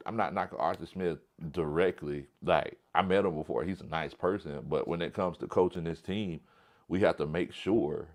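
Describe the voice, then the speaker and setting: Deep-voiced man hosting blunt sports talk. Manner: blunt, emphatic, repeats himself. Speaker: sports talk show host. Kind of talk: casual livestream sports talk.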